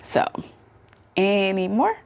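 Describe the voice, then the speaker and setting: A woman vlogger, chatting casually to camera, emotional and quick to laugh. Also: mid-range voice, big pitch swings, gravelly.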